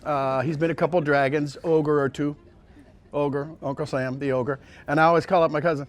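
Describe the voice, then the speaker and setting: A male voice actor telling casual anecdotes in an interview, rambling with many restarts and sliding into quick impressions. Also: on the high side, steady tone. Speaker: voice actor guest.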